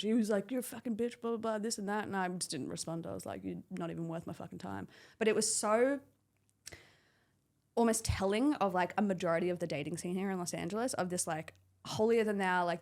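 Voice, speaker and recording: A young woman co-hosting a podcast, telling animated stories with lots of swearing and acted-out quotes. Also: medium pitch, fast talker. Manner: animated storytelling, acts out quotes, swears freely. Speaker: podcast co-host. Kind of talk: casual chat.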